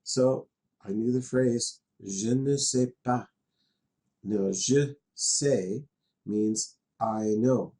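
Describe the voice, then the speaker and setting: Speaking very slowly in a mellow, mid-range voice, a middle-aged West Coast Canadian leads a classroom lesson set in a virtual world. His explanations are patient and chatty, broken by occasional laughter.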